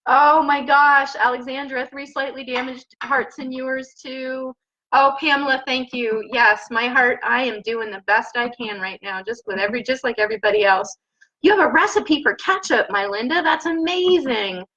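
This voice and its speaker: Woman hosting a cooking live stream, high voice, bubbly, laughs a lot, kitchen, laptop mic. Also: normal speed, sharp tone, highs cut off. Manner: bubbly, gushing, laughs often, chats to viewers. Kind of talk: casual live-stream chat. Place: home kitchen. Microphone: laptop on the counter.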